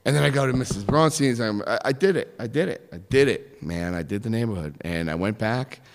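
A man telling a personal story in an animated way, acting out the voices of others. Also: lowish voice, a little fast, long reverb tail.

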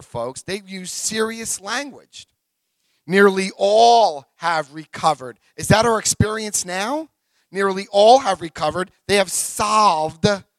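A man with a high voice addresses a recovery meeting, telling animated stories. He jumps between loud bursts and muttered asides, with crude humor. The sound is dry and close. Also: dry recording. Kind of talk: animated talk to a group.

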